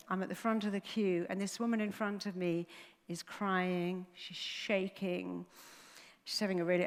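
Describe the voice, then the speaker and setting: A woman giving a motivational talk, telling stories and acting out the people in them. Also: medium pitch. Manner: animated storytelling, acting out voices. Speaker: motivational speaker. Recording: long reverb of a large hall.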